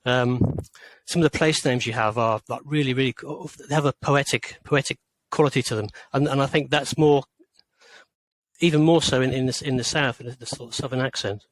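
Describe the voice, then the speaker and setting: A man in his sixties from rural England, an author answering interview questions in a hesitant way, with many pauses and restarts. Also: medium pitch, fairly even intonation, rough recording. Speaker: author, guest.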